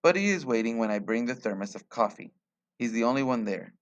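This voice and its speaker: A man reading a short story aloud in a quiet, measured way. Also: medium pitch, lively intonation, dull audio. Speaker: reader.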